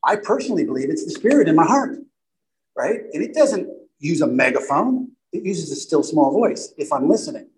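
Man, recovery speaker, casual self-deprecating storyteller, somewhat high voice. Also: big pitch swings, normal speed, darkish tone, slight background noise, poor audio. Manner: conversational, self-deprecating, repeats "right?". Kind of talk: recovery talk to a group.

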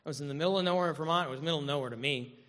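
A man's voice: fairly high pitch, very fast, fairly bright tone. A man candidly telling his own recovery story to a meeting, self-mocking and frank. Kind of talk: personal recovery testimony to a meeting. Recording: echoey hall reverb.

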